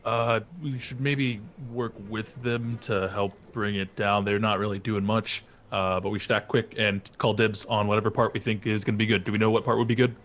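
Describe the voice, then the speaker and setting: Guy at a dnd table, bright tense voice, plotting and joking around. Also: on the low side, level tone, a little hiss or hum. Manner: scheming, jokey, quick to laugh. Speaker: player. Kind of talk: casual chat at a tabletop game.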